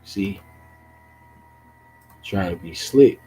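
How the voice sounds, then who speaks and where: A man who streams chess and mocks a viewer, asking drawn-out questions in a teasing way. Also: low-pitched, dark tone, husky, poor audio. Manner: mocking, taunting, drawn-out questions. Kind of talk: casual livestream chat.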